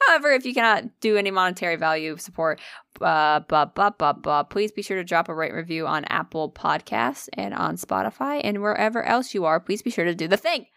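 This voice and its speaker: A woman's voice: on the low side, lively intonation, brisk, creaky, a bit bright, clean tone, no echo, studio quality. A woman co-hosting a podcast, chatting casually with swearing and self-deprecating jokes. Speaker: podcast co-host. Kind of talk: casual chat.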